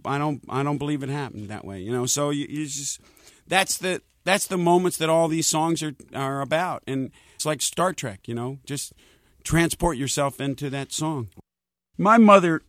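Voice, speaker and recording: Male singer, casual interview guest, rambling anecdotes, bit higher pitch, dry close sound. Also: dry recording. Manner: rambling, acts out quoted voices.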